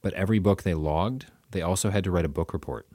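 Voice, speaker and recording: Deep-voiced man in casual chat. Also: fast, dark tone, slightly rough, no echo, studio quality. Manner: thoughtful, hedging, restarts phrases.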